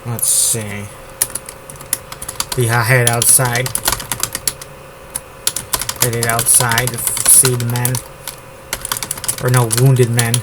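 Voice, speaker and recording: A man from the United States drafting his novel out loud, repeating words and phrases as he types them. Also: mid-range voice, level tone, extremely slow, long pauses, very noisy. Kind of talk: thinking aloud while drafting a novel. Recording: loud keyboard typing over the voice. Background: keyboard typing.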